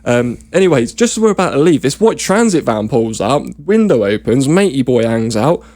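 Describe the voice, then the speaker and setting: Easygoing young English man with a mid-pitched voice spinning a rambling yarn, full of swearing, filler and quick laughs. He keeps things loose and conversational, like chatting with mates. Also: sing-song, a little mellow, no room sound. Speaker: podcast guest and regular. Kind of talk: casual storytelling chat.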